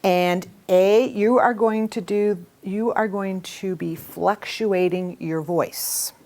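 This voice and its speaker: A middle-aged woman teaching a workshop, expressive and animated, often laughing as she talks. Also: medium pitch, slow. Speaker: workshop trainer.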